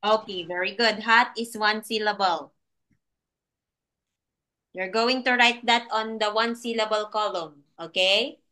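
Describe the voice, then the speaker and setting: A woman's voice: mid-range voice, fairly even intonation, measured pace, pauses often, bright, forceful tone. A woman tutoring a child in English over a video call, patient and encouraging, laughing often. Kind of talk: one-on-one online lesson for a child.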